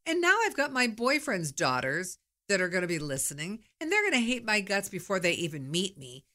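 A woman's voice: mid-range voice, big pitch swings, fairly quick, bright, forceful tone. A middle-aged woman hosting her own podcast, talking candidly in a chatty, storytelling monologue. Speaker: podcast host. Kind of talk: casual monologue.

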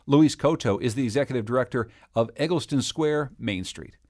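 A man hosting a public radio news show, introducing guests and segments in a measured, scripted way. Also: mid-range voice, a little mellow.

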